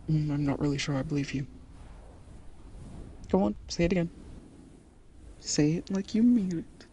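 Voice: medium pitch, dark tone, a little hiss or hum. A voice actor in an audio role-play, playing a patient, teasing partner who calls the listener darling.

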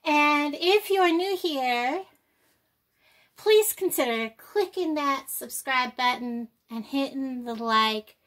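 Her voice is high, slow and fairly bright as this older woman talks casually to the camera for her vlog. Breathless, with slightly off speech, she rambles, apologizes and says um a lot.

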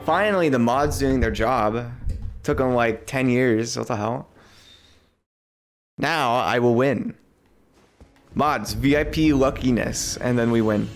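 A young man streaming gameplay, commenting live with lots of swearing and sudden high-pitched outbursts of frustration. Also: slow pace, pauses often, faint music behind. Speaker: game streamer.

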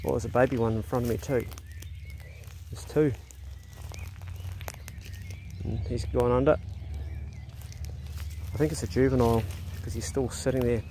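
A man's voice: mid-range voice, fairly even intonation, brisk, long pauses, warm tone, a little hiss or hum. A man filming himself on a farm, giving casual hunting commentary, swearing freely and talking to his dog. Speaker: hunting vlogger. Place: outdoors on a farm.

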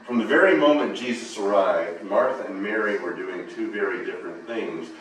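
A male pastor delivering a sermon as dramatic storytelling that swings between hushed and loud. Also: on the low side, normal speed, slight background noise. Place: church sanctuary. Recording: echoey church from a distance.

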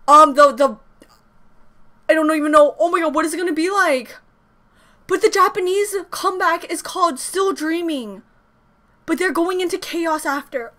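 A woman giving an excited fan reaction, gushing and swearing, with sudden jumps in her voice. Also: high voice. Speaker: reaction video host.

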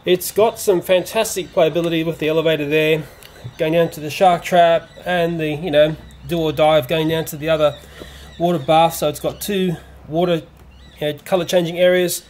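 A man's voice: on the high side, steady tone, moderate pace, a little mellow, a little hiss or hum. A man casually reviewing a toy playset, chatty and given to exclamations like "oh dear.".

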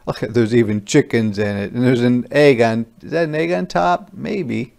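A man with a gravelly, medium-pitched voice reads a picture book aloud to young children as their teacher. He pauses now and then to gently explain words.

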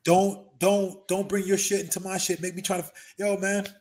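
Interview guest: man, fairly high voice, emphatic and animated storyteller. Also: normal speed. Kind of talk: casual interview talk.

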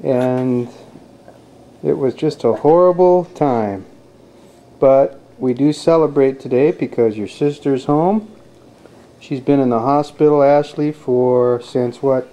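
Dad behind a home camcorder, mellow mid-range voice, earnest, breaks into sing-song calls to a toddler. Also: male voice, mid-range voice, slow. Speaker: father filming his children. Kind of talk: home video narration. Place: family home, indoors. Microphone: handheld camcorder.

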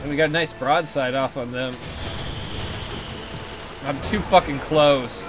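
A man's voice: medium pitch, unhurried, over music. A man giving casual, profane, sarcastic commentary while playing a video game. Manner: swears a lot, excitable, sarcastic. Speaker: let's play gamer.

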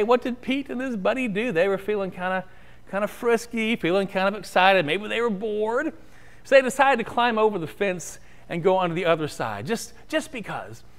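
Male pastor, sermon storyteller, high and animated delivery, church sanctuary. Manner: storytelling, rising and falling, ends in prayer.

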